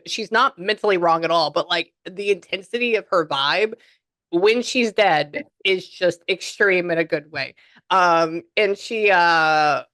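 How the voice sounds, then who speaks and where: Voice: medium pitch, a bit bright, dry recording. A psychic medium, chatting through a spirit reading and relaying messages.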